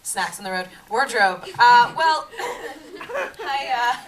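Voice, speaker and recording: A woman's voice: a little high, lively intonation, takes it slowly. A young woman, an actor on a festival panel, answering audience questions in a giggly, self-deprecating way. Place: large hall at a festival. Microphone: handheld camera in the audience. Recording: distant mic, loud crowd and camcorder noise.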